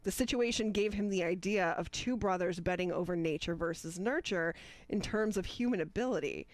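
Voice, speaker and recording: Female podcast co-host, casual, quick with jokes, sharing trivia. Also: lowish voice, no echo. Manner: quick-witted, reads film trivia. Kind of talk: casual chat.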